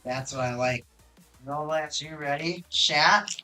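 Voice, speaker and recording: Chatty, excitable card-opening streamer, mid pitch, hot desk mic, light music underneath. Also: slow. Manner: excitable and chatty, with frequent restarts and self-corrections. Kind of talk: casual live-stream chat while opening card boxes. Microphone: hot desk microphone with high gain.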